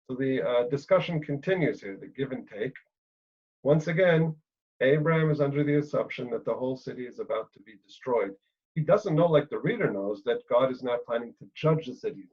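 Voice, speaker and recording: A man lecturing on a Bible passage, thinking aloud with pauses and fillers and often checking in with "right?". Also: mid-range voice, breathy edge, lo-fi sound.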